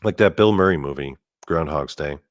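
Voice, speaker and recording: A man telling a story in a casual monologue, animated and profane, with lots of "like" fillers. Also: extremely low pitch, moderate pace, no room sound, clean studio sound. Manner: animated and profane, heavy use of "like". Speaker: storyteller host.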